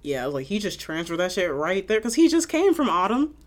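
Brief: young co-host, relaxed and casual, middle pitch, filler-heavy recap talk. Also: brisk. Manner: laid-back, skeptical, many fillers, laughs often. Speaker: podcast co-host. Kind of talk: casual chat recapping a TV episode.

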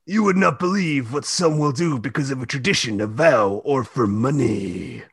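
A man's voice: mid-range voice, animated, normal speed, creaky, slightly rough, dry recording, pitched below the performer's own voice. A man voicing a stern older male monster hunter, grave and lecturing.

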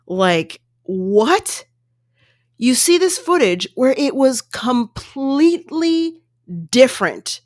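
A woman casually retelling a story in an animated, exasperated way, slipping into quoted voices. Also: fairly high pitch, slow pace, no echo, studio quality.

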